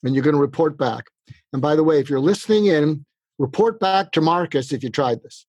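An older man, a podcast guest, gives animated advice and acts out the family conversations he describes. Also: on the high side, brisk, no room sound, lo-fi sound. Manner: lively, acts out quoted family dialogue.

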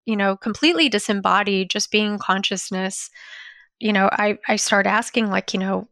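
Woman, forties, fry in the voice, dry close sound; reflective spiritual storyteller with loose fillers. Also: mid-range voice, moderate pace, a bit bright, dry recording. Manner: reflective, dreamy, many "you know" and "like" fillers.

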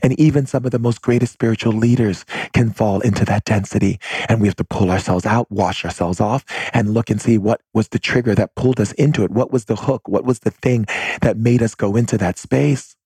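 A man's voice: fairly low pitch, fairly quick, mellow, breathy edge, no room sound. A man giving an impassioned spiritual talk, repeating himself and addressing his listeners as family. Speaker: spiritual teacher.

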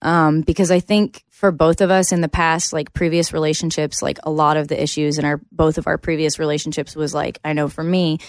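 A woman's voice: sits low, level tone, brisk, few pauses, dry recording. A woman from Canada, a country singer in her thirties, talking candidly as a podcast guest with lots of fillers. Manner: candid, chatty, many fillers. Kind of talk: casual interview chat.

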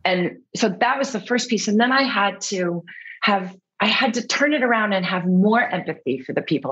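Brief: husky, lower-pitched woman guest, candid and reflective, slightly dull recording. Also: expressive, normal speed, a bit bright. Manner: earnest, reflective, acts out quotes. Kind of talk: candid interview conversation.

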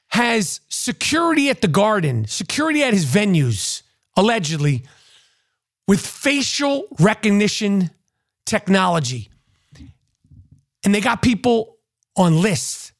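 A man's voice: high-pitched, vocal fry. A man and podcast host ranting to camera, crude and mocking, often repeating himself. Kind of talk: profane ranting monologue to camera.

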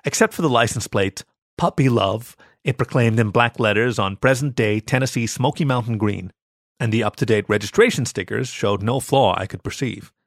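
A man reading an adult story aloud as its narrator, in an expressive, animated way. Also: mid-range voice, fairly quick, no room sound, studio quality. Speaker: story reader.

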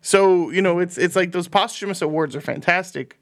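A man co-hosting a casual movie podcast, asking quick questions and swearing casually. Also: high-pitched, no echo, clean studio sound. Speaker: podcast co-host. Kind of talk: casual chat.

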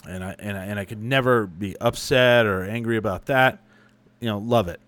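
A man's voice: on the low side, moderate pace, a bit bright, dry recording. A young adult man chatting casually as a podcast host, answering listener questions with rambling, profane, self-correcting stories. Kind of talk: casual chat.

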